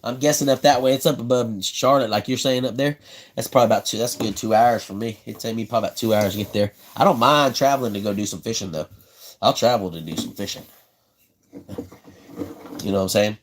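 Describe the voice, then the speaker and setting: A South Carolina man with a Southern accent hosts a laid-back live stream while building a fishing rod, repeating himself as he goes. His voice sits fairly low and moves briskly, with a faint hiss or hum in the background.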